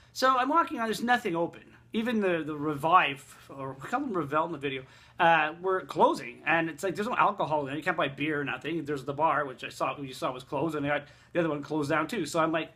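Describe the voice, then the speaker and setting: A vlogger telling a rambling, profane, exasperated travel story. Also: male voice, a little high, a little fast, sharp tone. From Quebec, Canada. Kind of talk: casual storytelling rant.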